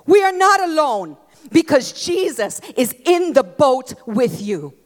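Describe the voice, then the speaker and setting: A woman preaching a sermon, expressive and emphatic, leaning into repeated phrases. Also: high-pitched, slow. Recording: long hall reverb.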